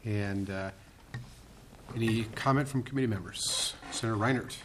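A man's voice: fairly low pitch, moderate pace, a bit bright, slight background noise. A man chairing a committee hearing, running procedure conversationally with frequent fillers.

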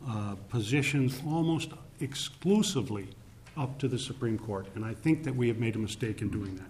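Before a legislative committee, a man gives formal testimony in a medium-pitched, somewhat dark voice, stressing key words with deliberate emphasis and many "uh"s. A faint hiss or hum sits under the recording.

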